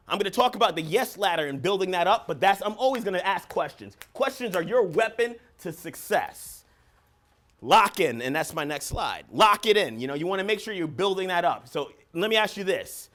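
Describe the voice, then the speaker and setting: A man speaking with a notably high voice as he gives a motivational seminar as a business coach. He talks in an energetic, emphatic way, acting out little phone calls for the crowd. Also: moderate pace. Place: seminar room with live audience.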